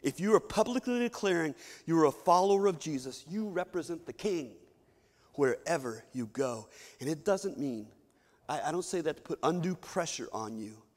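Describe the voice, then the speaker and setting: Man preaching in a reverberant church. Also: mid-range voice. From Kentucky. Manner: storytelling, mimics imagined voices. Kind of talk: sermon. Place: church sanctuary. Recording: long reverb of a church hall.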